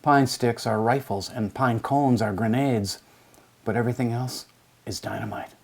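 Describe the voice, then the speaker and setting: Husky older man, rambling teacher. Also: mid-range voice, normal speed. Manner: rambling, digressive storytelling with many fillers. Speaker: English teacher. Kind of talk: lecture with a poetry reading.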